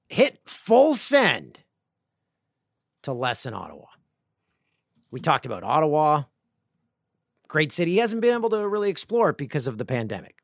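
A middle-aged man hosting a casual podcast, reading listener emails aloud with playful, jokey, rambling asides that swing between loud bursts and quiet mutters. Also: medium pitch, vocal fry, no echo, studio quality. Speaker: podcast host.

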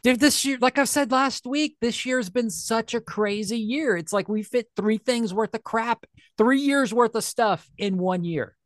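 A man's voice: very high-pitched, measured pace, few pauses, dry recording. A man co-hosting a collectibles podcast in casual chat, joking and laughing often. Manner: jokey, laughs often, slips into silly impressions. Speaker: podcast co-host.

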